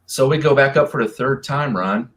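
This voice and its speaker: Man, drag racer, rambling story, animated, mid-pitched voice. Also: normal speed. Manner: rambling, animated, voices other people's lines. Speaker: drag racer and racing association president. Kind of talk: casual storytelling in a live Q&A.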